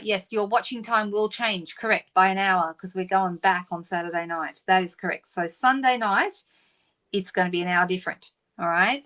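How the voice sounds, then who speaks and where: A middle-aged woman hosts a live stream in a relaxed, chatty way. She greets viewers one by one and talks through her plans with easy fillers. Her voice sits at an ordinary middle pitch. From Australia. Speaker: papercraft demonstrator hosting a live stream. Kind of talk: casual live-stream chat.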